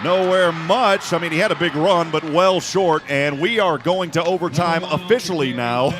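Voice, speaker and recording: A man calling a live high school football game play by play, shouting excitedly at big plays. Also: noisy background. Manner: excited shouting calls, fast and rising. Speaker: play-by-play announcer. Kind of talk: live sports commentary.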